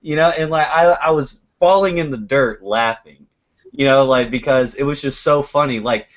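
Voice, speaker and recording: Brief: man, mid pitch, animated storyteller who swears freely, slightly dull lo-fi audio. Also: normal speed. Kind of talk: casual chat.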